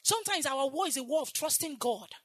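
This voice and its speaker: A woman preacher delivering a sermon, swinging from loud shouted exhortation to soft, hushed confession and repeating phrases for emphasis. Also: high voice, lively intonation, brisk.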